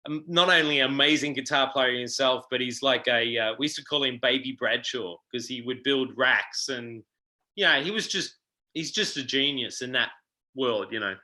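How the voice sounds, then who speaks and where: Aussie guitarist guy, super bright tense voice, chatty and animated, lots of ums. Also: medium pitch, moderate pace, poor audio. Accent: Australian. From Australia. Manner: animated, acts out quoted voices, frequent ums. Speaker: guest guitarist. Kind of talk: casual interview storytelling.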